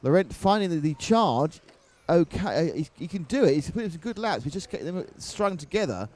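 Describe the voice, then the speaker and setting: A man's voice: on the high side, big pitch swings, a little fast, darkish tone. A man commentating live on a model car race, mixing race calls with jokey banter.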